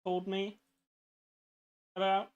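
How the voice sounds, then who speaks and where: Slow, smooth-voiced young woman chatting. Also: medium pitch, monotone, lo-fi sound. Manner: hesitant, many ums, soft laughs. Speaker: guest streamer. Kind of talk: casual chat on a game stream.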